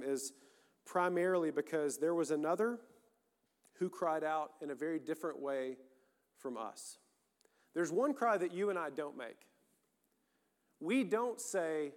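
A man's voice: on the high side, animated, measured pace. A man preaching a sermon as pastor, earnest and emphatic, with rising bursts of intensity. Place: church sanctuary. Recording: long hall reverb.

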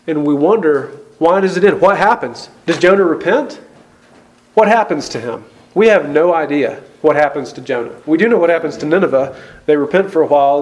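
A man's voice: fairly high pitch, a little mellow. Earnest man preaching a sermon. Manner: earnest, questioning, rising to emphatic exclamations. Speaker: pastor.

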